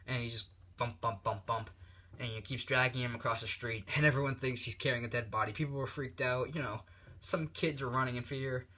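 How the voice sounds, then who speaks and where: A man's voice: mid-range voice, fairly even intonation, brisk, pushed and bright. A man telling an improvised fan story in a rambling way full of fillers, recorded on a tablet.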